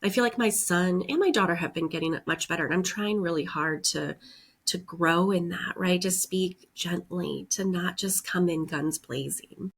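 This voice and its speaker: This woman hosts a podcast and delivers an earnest, reflective self-help monologue while congested from a head cold. Her lowish, breathy voice moves at a normal speed, with audible breathing and heavy sighs. She's encouraging and often adds "right?" and "like."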